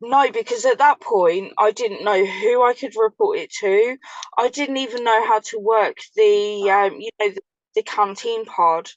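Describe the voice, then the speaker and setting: A woman's voice: mid-range voice, unhurried, lo-fi sound. An English woman, a former prisoner, telling her story in casual chat, blunt and vivid, swearing freely. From England.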